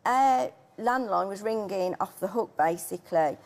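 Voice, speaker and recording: Middle-aged woman, interview guest, emotional halting recollection, average pitch. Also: vocal fry, darkish tone. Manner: tearful, halting storytelling. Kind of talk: emotional personal account.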